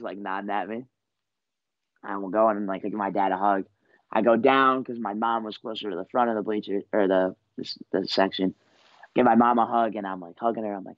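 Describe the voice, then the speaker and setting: A man's voice: fairly low pitch, normal speed, pauses often, dry recording, dull audio. A man in his twenties, a college wrestler, telling a story in a loose, rambling way full of "you know" and "like". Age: 20s. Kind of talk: casual storytelling.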